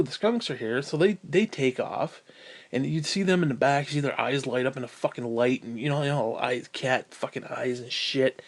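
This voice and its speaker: A man with a high-pitched voice rants to camera in pain and full of profanity. He swings from loud, heated outbursts down to low, bitter mutters. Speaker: vlogger. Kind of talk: profane ranting monologue.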